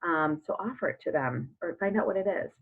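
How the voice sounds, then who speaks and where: A woman's voice: lowish voice, animated, a little fast, slightly rough. A woman in her thirties coaching in a chatty way, full of fillers and acted-out sample chats. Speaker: network marketing coach. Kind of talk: casual coaching talk. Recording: phone-like narrow sound.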